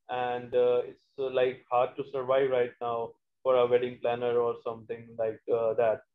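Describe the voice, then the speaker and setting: Man, wedding planner on a call, even flat tone, muffled lo-fi audio, hesitant, lots of "uh". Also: medium pitch. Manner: hesitant, many fillers. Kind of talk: online panel remarks.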